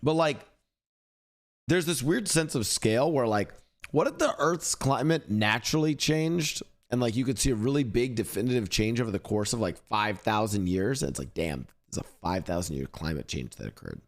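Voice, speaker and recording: A young man streaming live, reacting to a video and ranting at his chat with heavy swearing, rising to near-shouting. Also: lowish voice, lively intonation, normal speed.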